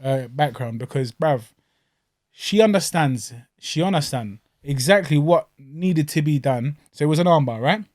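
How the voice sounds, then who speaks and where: A man co-hosting a podcast, bantering about fights in slangy, animated talk. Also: on the high side, normal speed, dry recording, studio quality. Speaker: podcast co-host.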